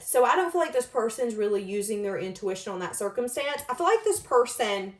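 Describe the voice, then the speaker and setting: A woman giving a tarot reading to camera in an emphatic, animated way. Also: medium pitch. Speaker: tarot reader. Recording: roomy echoey room.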